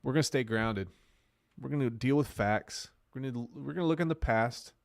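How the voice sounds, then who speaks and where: Blunt male streamer, gravelly fry, slangy, repeats himself for punch. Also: medium pitch, normal speed, dry recording, studio quality. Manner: blunt, brash, street slang; repeats phrases for emphasis. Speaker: crypto livestream host. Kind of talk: casual livestream talk.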